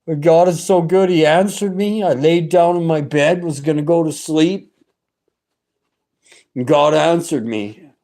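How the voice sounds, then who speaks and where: A man's voice: a little high, unhurried, mellow. A middle-aged man giving a personal religious testimony, talking in an earnest, rambling and fervent way with many restarts.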